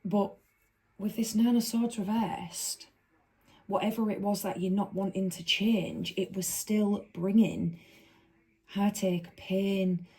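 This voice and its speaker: A woman's voice: mid-range voice, steady tone, takes it slowly, warm tone, husky, poor audio. A woman giving a casual, chatty tarot reading to camera, talking informally and letting the odd swear word slip. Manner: chatty and informal, with a few stray swear words. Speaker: tarot reader.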